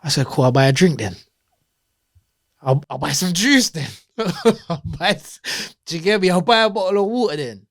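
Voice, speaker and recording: A man, telling an animated, slangy story as an interview guest and acting out the dialogue. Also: on the high side, normal speed, creaky. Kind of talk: casual storytelling.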